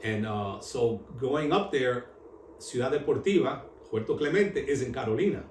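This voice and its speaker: A man telling his story on camera in an interview, in animated street slang with Spanish mixed in. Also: mid-range voice, normal speed, far from the mic. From New York. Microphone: camera at a distance. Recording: echoey room, voice from off-mic, faint hum.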